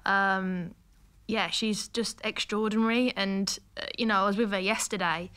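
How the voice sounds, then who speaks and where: A woman's voice: mid-range voice, steady tone, normal speed, a bit bright, clean tone. A woman with a Birmingham accent, a former player who now works as a football pundit, earnestly telling a story as a guest on a podcast. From Birmingham, England. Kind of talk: casual chat, storytelling.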